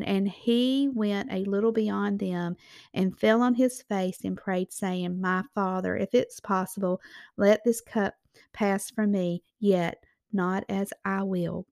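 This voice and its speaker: An earnest woman delivers a devotional sermon, encouraging her listeners and reading scripture aloud. Her voice sits at a middle pitch. The recording is dry, with no room echo. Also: fairly even intonation, takes it slowly, vocal fry. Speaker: Christian ministry host.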